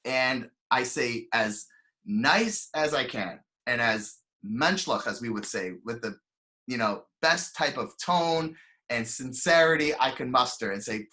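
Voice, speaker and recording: A young man giving a storytelling sermon as a rabbi, animated and chatty, acting out voices and using lots of fillers. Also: mid-range voice, a little slow. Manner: animated, acts out quoted voices, frequent fillers. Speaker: rabbi giving a weekly Torah talk.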